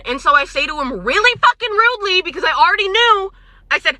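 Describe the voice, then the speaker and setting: A woman's voice: extremely high pitch, fast talker, heavy background noise. A young woman telling an indignant, profanity-laced story to a phone camera. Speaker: social media poster.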